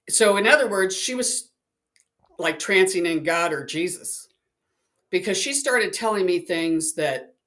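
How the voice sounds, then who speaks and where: A woman, a psychic, casually telling a personal story and acting out the voices of the people in it. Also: fairly low pitch. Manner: chatty, animated, acts out quoted voices.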